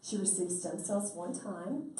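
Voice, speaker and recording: A woman's voice: lowish voice, measured pace, noisy background. A woman, telling stories in a folksy, chatty way and acting out what people said. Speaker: speaker promoting stem cell treatment. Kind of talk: animated storytelling talk. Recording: roomy sound from a distant mic.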